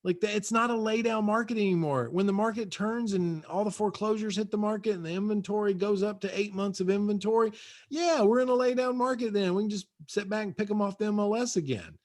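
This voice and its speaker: A man's voice: high-pitched, fast, a little mellow. A man speaking from his home over a video call, giving a punchy, repetitive motivational talk as a guest real estate coach. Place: his own house.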